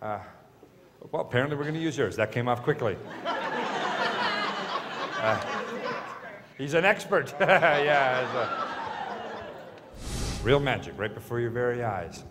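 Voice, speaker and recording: A man's voice: medium pitch, expressive, normal speed, long pauses, very noisy. A man hosting a comedy hypnosis show on stage, teasing his volunteers with playful banter. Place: stage in a large hall. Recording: large hall with loud crowd.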